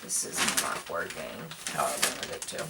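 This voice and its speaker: A woman's voice: rumbling low, normal speed, vocal fry. A woman vlogger chatting casually to herself while wrapping gifts at home, with self-mocking asides. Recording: distant mic with background noise.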